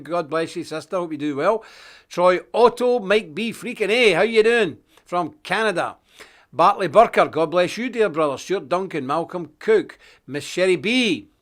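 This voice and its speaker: A man's voice: high-pitched, a bit bright. A man presenting a daily live stream, chatting casually, greeting viewers one by one and reading scripture with preachy emphasis. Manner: chatty, self-deprecating, greets viewers one after another.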